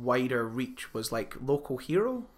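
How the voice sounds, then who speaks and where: A man co-hosting a podcast, rambling excitedly in casual chat and swearing now and then. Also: medium pitch, unhurried. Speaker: podcast co-host.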